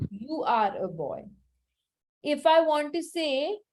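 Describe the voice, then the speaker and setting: Patient high-voiced woman teacher. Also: very animated, takes it slowly. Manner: patient, repeats each phrase with its translation and checks with "right?". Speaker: French teacher. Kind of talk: teaching a class to children.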